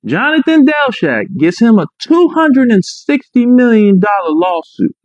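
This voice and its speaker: A man's voice: extremely high pitch, big pitch swings, measured pace, no echo. A man telling his own story emphatically, repeating his points and checking in with "right?". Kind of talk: emphatic personal account. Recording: dry, muffled lo-fi audio.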